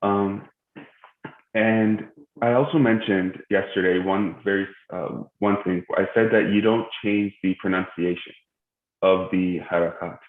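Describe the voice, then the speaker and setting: Deep-voiced young man teaching, echoey. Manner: hesitant, many filler sounds, self-correcting. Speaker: tajweed teacher. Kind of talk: live-streamed religious lesson. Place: mosque. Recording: echoey, tinny phone-like stream.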